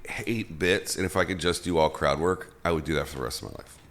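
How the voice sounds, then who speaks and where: A man's voice: a bass voice, a bit bright. A man hosting a casual podcast chat in a studio, cracking jokes as he talks. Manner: fast-talking, joking. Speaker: podcast host.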